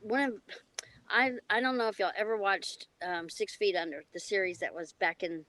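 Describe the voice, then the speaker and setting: A woman's voice: mid-range voice, normal speed, a bit bright. A woman co-hosting a casual talk show, telling stories in a rambling way with many restarts and fillers. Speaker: co-host. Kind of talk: casual discussion.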